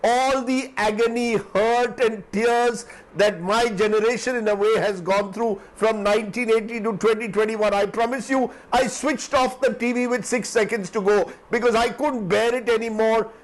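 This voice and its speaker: A man in his fifties with an Indian English accent, giving emotional live news commentary, teary-eyed and fervent, with halting restarts. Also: high voice, steady tone, poor audio. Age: 50s.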